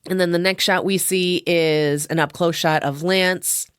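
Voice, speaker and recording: A woman's voice: on the low side, fairly even intonation, a little slow, clean tone, no echo, studio quality. Swearing, laughing woman podcast host. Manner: chatty, swears freely, laughs often. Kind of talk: casual movie recap.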